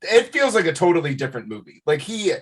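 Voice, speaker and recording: Casting: male podcast guest, a bit high, animated, laughs a lot. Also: fast, husky. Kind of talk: casual chat.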